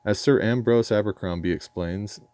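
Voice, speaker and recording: A man's voice: fairly low pitch, moderate pace, darkish tone, dry recording. An English man reading his own memoir aloud in a dry, ironic, erudite manner, sometimes stumbling over a word. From England. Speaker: memoir narrator.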